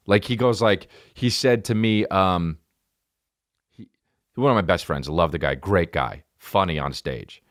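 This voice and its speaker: A man's voice: low voice, expressive, a little slow, pauses often, no echo, clean studio sound. A man in his thirties telling a rambling, profane comic story on a podcast, with many restarts. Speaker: comedian. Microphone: studio podcast mic.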